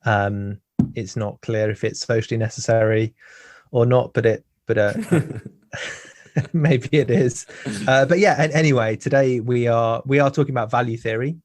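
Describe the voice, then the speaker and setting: A man hosting a conversational podcast interview, halting and often repeating words as he talks. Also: medium pitch, fairly even intonation, no echo. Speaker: podcast host.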